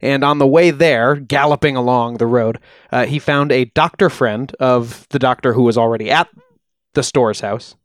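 A man co-hosting a podcast, recounting a true-crime case in a relaxed, chatty way with frequent ums. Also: medium pitch, normal speed, dry recording, studio quality. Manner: relaxed, uses fillers like uh and um. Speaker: podcast co-host. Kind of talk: casual true-crime storytelling.

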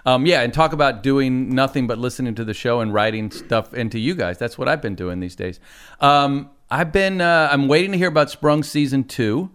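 A middle-aged man chatting casually as a guest, telling meandering stories. His voice sits at an ordinary pitch, and he laughs often. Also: moderate pace, fairly bright tone, smooth. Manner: rambling storyteller, laughs often. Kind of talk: casual chat.

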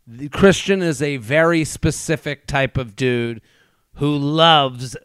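A man's voice: fairly high pitch, takes it slowly, a bit bright, clean tone, no room sound. A man from outside Boston co-hosting a casual recap podcast, ranting animatedly and laughing as he talks. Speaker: podcast co-host.

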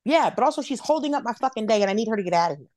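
A woman from Atlanta, a comedian guest, telling a story in casual chat, animated and profane, acting out other people's voices. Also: a little high, very fast. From Atlanta, United States.

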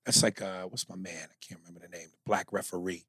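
A man's voice: deep voice, steady tone, quick pace, fairly bright tone, husky, no room sound, clean studio sound. A man co-hosting a comedy podcast, joking crudely and reading listener emails aloud. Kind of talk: casual podcast chat.

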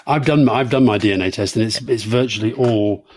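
A man with a mellow, slightly husky voice chats easily as a podcast co-host. He reads out listener questions and answers in a plain, conversational way. The recording is close and dry. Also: on the low side, no room sound. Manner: reads listener questions, brisk with frequent murmured agreement. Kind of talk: casual conversational chat.

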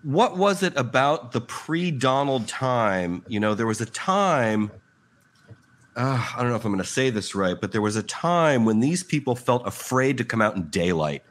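A man's voice: mid-range voice, very animated, moderate pace. A man speaking as a guest on a political panel in a loose, conversational and wry way.

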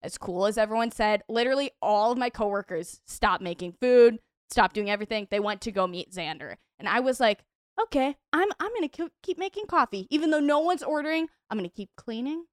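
A woman guest on a podcast, telling a story in animated casual chat, filling it with "like". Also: fairly high pitch, fairly quick, no echo, clean studio sound.

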